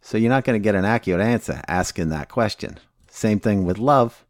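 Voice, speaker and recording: A deep-voiced man as foul-mouthed sponsor Sober Patty. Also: animated, brisk, no room sound, studio quality, lightly acted. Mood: blunt. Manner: blunt, swears constantly, sardonic. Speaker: recovery step instructor. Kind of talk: casual profane teaching.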